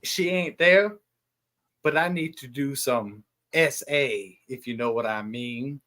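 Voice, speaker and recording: A man with a mid-pitched voice drags out a rambling joke story at a slow pace. He breaks into laughs between lines. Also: sharp tone. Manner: joking, drawn-out storytelling with laughs. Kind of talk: casual podcast chat.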